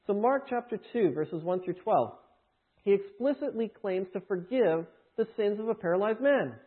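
A man teaching from scripture in a sermon, answering his own rhetorical questions with emphasis. His voice is husky and pitched high. It comes through thin and tinny, like a phone line. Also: lively intonation, normal speed. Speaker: preacher.

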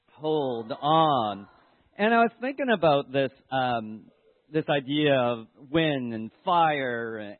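A man's voice: fairly high pitch, no echo. A man giving a casual Sunday sermon, retelling a Bible story to children and reflecting aloud, with many restarts. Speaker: church member giving a Sunday message. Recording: dry, tinny phone-like sound.

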